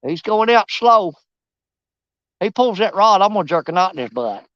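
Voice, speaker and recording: A man's voice: sits high, sing-song, moderate pace, fairly bright tone, no echo, muffled recording. A man, chatting casually and jokingly while fishing on a riverbank. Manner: folksy, joking, rambling. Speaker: fishing vlogger. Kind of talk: casual outdoor fishing commentary. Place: outdoors on a riverbank.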